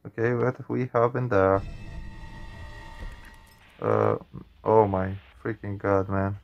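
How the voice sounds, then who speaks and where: A man's voice: fairly low pitch, very animated, takes it slowly, vocal fry, dull audio, soft background music. A man hosting a gaming channel, reacting to a horror game with jumpy, swearing commentary addressed to his viewers.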